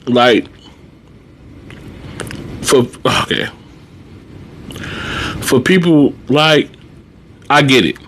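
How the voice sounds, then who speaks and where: A man's voice: mid-range voice, animated, extremely slow, pauses often, a bit bright, slight background noise. A man, a nursing assistant telling funny work stories on a casual livestream, laughing often and talking in slang.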